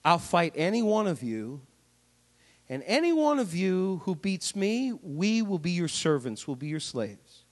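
A man preacher voicing a boastful giant warrior who taunts an army in slow, menacing tones. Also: high-pitched, big pitch swings, long reverb tail, pitched below the performer's own voice.

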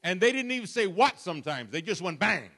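A man preaching a sermon as pastor, dramatic, swinging from soft asides to loud peaks. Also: sits high, sing-song, a little fast. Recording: long church reverb.

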